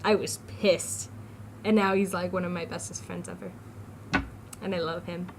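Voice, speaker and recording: A woman's voice: lowish voice, steady tone, moderate pace, noisy background. Giggly rambling teen girl vlogger. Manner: chatty, giggly, jumps between topics. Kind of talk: casual rambling vlog.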